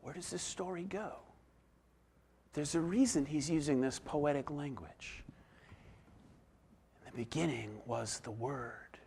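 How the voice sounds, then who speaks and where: A male pastor delivers a sermon in a high, light voice. He takes his time, letting each phrase land slowly, then shifts from ringing emphasis to near-whispered reflection. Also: creaky, a little hiss or hum. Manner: expressive, swings between emphatic exclamations and soft hushed asides.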